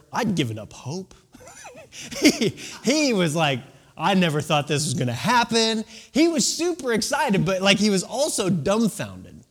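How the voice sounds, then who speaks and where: A pastor in his thirties with a high-pitched voice preaches a sermon, telling stories in drawn-out, dramatic phrasing and sometimes dropping to a hush for emphasis.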